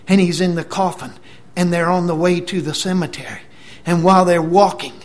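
Male preacher, sermon, dramatic whispers and booming lines, slightly high voice. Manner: dramatic retelling, dropping to whispers then booming.

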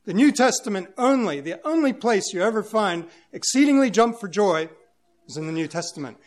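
A pastor with a high-pitched voice delivers an earnest sermon. He reads scripture aloud, then explains it with emphasis, now and then searching for a word. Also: animated, brisk.

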